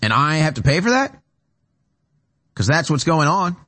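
A man hosting a talk show from a radio studio speaks at normal speed, his fairly high, slightly bright voice swinging widely in pitch. His political monologue grows more urgent as he repeats his points emphatically.

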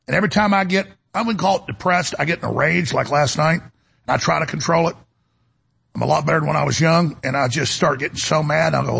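A fifty-year-old man hosting a talk radio show, delivering a fervent, preachy monologue that swings from loud to hushed. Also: on the high side, brisk, vocal fry, breathy edge.

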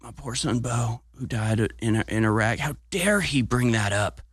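A man doing an impression of a confused, indignant elderly politician who whines and trails off in a halting way. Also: medium pitch, husky, dry recording, clean studio sound.

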